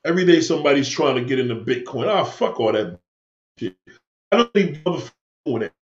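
Speaking quickly at a medium pitch, a man sounds animated as he rants at his stream viewers. His heated, profanity-laden monologue hops from point to point. The room is echoey and the audio dull and lo-fi.

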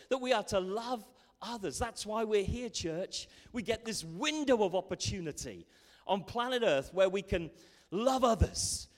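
A man preaching a sermon as pastor, impassioned and emphatic, with loud peaks. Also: high voice. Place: church hall. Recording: long hall reverb.

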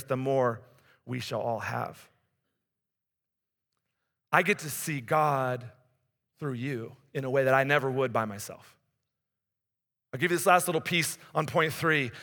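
A man with a high, bright voice preaches conversationally, building up and then dropping to a hush. His voice carries a long reverb through a church hall. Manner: conversational preaching, rises and drops in intensity. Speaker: pastor. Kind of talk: sermon.

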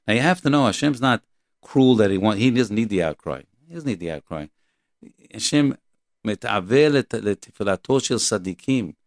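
Halting, earnest man giving a Torah lecture. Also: lowish voice, dry recording, clean studio sound. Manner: halting and repetitive, earnest and emphatic. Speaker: Torah teacher. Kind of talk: Torah lecture, quoting Hebrew verses and translating.

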